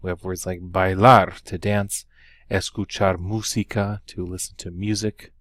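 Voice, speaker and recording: A man's voice: low-pitched, level tone, a little slow, a bit bright, dry recording. A man teaching a Spanish lesson, walking through the material unhurriedly with many ums and uhs and carefully sounded-out example words. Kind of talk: recorded lesson walkthrough.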